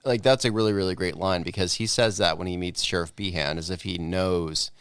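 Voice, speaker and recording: A man co-hosting a movie podcast, animated and swearing, with lots of "like" and "uh". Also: deep voice, fairly quick, clean tone, no room sound. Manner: animated, swearing, full of fillers. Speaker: podcast co-host. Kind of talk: casual movie review chat.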